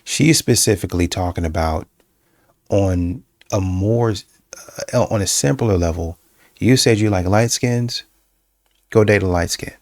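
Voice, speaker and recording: A man's voice: on the low side, a little slow, pauses often, dry recording, studio quality. A man giving casual reaction commentary, repetitive and emphatic, with many fillers and restarts. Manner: breaks into mocking, animated quoting.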